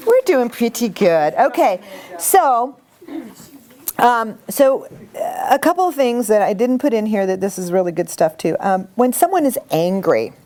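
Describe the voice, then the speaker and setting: A middle-aged woman teaching a communication workshop to a live group, talking in a lively, animated way. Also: a little high, unhurried. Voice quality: animated storytelling with acted quotes. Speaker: workshop instructor.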